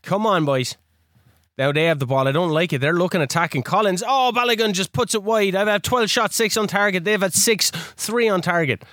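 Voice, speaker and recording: A man co-hosting a podcast, giving excited, sweary play-by-play of his own video game match. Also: high voice, a little fast, no room sound, clean studio sound. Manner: shouty, swearing, jokey play-by-play. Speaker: podcast co-host. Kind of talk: excited live game commentary.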